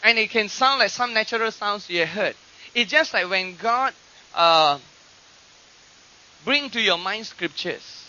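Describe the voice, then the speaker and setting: Bright animated male preacher, lo-fi. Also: high voice, a little slow, long pauses. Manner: animated, acts out quoted voices. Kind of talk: sermon teaching. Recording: dull lo-fi archive recording.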